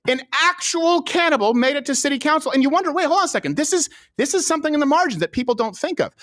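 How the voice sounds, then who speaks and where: Male comedy host, high animated voice, emphatic, dry studio sound. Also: quick pace, no echo. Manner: emphatic, mocking. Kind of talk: political comedy talk show.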